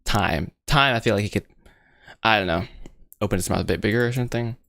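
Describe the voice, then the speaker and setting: A young American man talks through his animation work on a livestream, rambling excitably and poking fun at himself while he sounds out mouth shapes. His voice sits a little low. The sound is dry and close, with no room echo. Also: fast talker, vocal fry. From United States. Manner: rambling, self-mocking, excitable, says bro and guys a lot.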